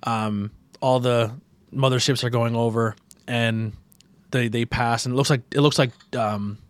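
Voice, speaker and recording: A man's voice: medium pitch, fairly even intonation, unhurried, clear, resonant tone, no echo. Rambling man retelling a movie scene. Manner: rambling, with many restarts and acted-out quotes. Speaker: podcast co-host.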